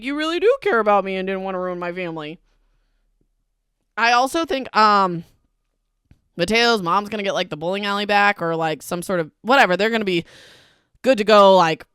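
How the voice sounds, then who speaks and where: A woman's voice: mid-range voice, a bit bright, smooth, no room sound, clean studio sound. A woman hosting a casual book recap podcast, talking in a chatty, emphatic way and filling her speech with "like". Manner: chatty and emphatic, heavy use of "like". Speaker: podcast host.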